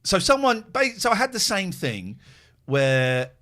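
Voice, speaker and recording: A man hosting a podcast speaks in a high-pitched, unhurried voice as he spins rambling stories. Animated, he performs both sides of the dialogue he quotes, and he regularly backtracks to correct himself partway through sentences.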